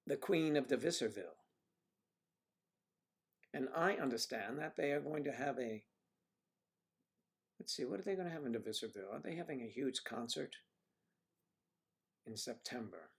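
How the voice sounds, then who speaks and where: A man's voice: medium pitch, expressive, vocal fry. Musing man chatting with his stream. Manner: musing, drawn-out hums between comments. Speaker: livestream host reading chat. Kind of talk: casual livestream chat. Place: at home with TV in background.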